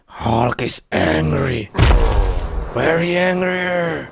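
A man's voice: fairly high pitch, big pitch swings, drawn-out words, gravelly, heavy background noise, exaggerated voice. Man doing a grunting brute called Hulk. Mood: angry. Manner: simple broken English, grunting exclamations. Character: raging brute calling himself Hulk.

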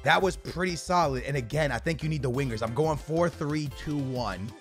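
A young man giving casual, slangy commentary on a video game, bursting into shouts at big moments. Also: on the high side, normal speed, soft background music. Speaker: gaming YouTuber.

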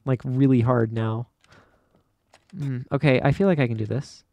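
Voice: mid-range voice, steady tone, normal speed, no echo, lo-fi sound. A young adult gamer giving casual let's play commentary, dramatically exasperated and often laughing at their own struggles. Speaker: gamer playing an obstacle course game.

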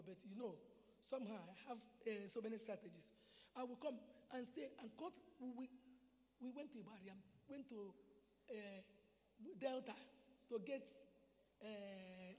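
A Nigerian woman giving an animated testimony sermon at a convention, telling her story and mixing in Igbo phrases. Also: on the high side. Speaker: convention speaker. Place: large convention hall. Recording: reverberant convention hall.

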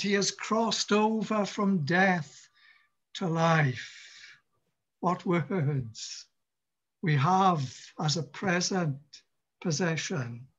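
A man preaches a sermon, his voice high for a man and his delivery slow and deliberate. He repeats phrases for weight and lets dramatic pauses hang. The church recording sounds dull and lo-fi. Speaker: pastor.

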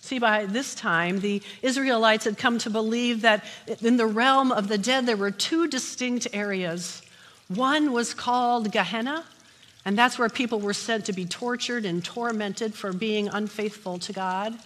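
With long reverb from the church hall around her, a woman pastor delivers a sermon at a measured pace in a voice on the high side and a bit bright. After some opening jokes, she moves into steady teaching in the sanctuary.

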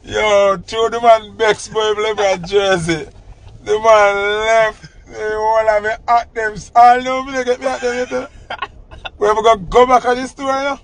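Gravelly Jamaican man telling a story. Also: high-pitched, moderate pace. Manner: animated, laughing, Patois-laced storytelling. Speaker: host. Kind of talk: casual storytelling chat.

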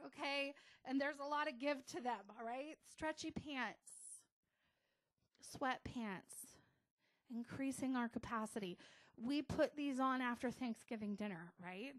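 Slow-speaking American woman pastor. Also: a little high. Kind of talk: casual sermon.

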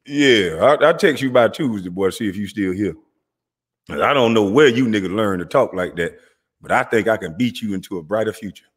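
A man's voice: lowish voice, expressive, a little fast, breathy edge. A man, ranting to the camera in a taunting, profane way and laughing between lines. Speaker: vlogger. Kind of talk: confrontational rant to camera.

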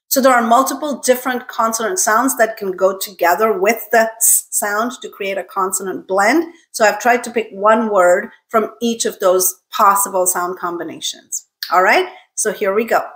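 In a medium-pitched, slightly bright voice, a woman runs a repeat-after-me pronunciation lesson. Each English word is modeled carefully three times for learners to echo.

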